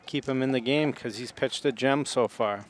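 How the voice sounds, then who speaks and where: A man giving relaxed color commentary on a local baseball game and bantering in a friendly way with the announcer. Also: medium pitch, normal speed, slight background noise.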